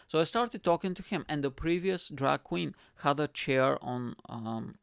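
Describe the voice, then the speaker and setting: A young man with an Eastern European accent, hosting a podcast and telling a story in a casual, animated way, swearing freely and acting out what people said. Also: a little high, unhurried, gravelly, smooth, dry recording, studio quality. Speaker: podcast host.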